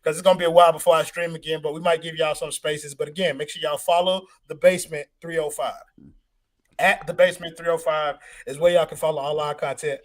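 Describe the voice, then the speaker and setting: A young man hosting a late-night sports stream, chatting casually, laughing loudly and swearing freely. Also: a little high, flat delivery, quick pace. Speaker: host of a post-game sports stream. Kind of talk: casual profane chat.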